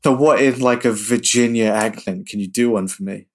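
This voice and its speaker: A man's voice: on the low side, moderate pace. A man co-hosting a film podcast in casual chat, teasing and laughing a lot. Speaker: podcast co-host.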